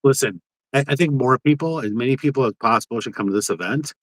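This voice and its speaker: A man's voice: mid-range voice, fast, no echo, low-quality recording. A man co-hosting a podcast, telling a rambling story in casual chat, with many fillers and some swearing. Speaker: podcast co-host.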